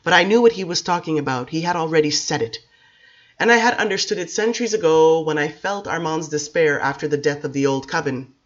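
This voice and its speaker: A woman reading a novel aloud in a measured, expressive first-person narration. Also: low voice, highs cut off. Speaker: audiobook reader.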